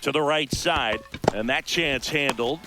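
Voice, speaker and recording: A man voicing a male baseball play-by-play announcer for a video game, calling each pitch crisply and excitably. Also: measured pace, lightly acted. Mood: lively. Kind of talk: scripted video game commentary. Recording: game audio with background noise.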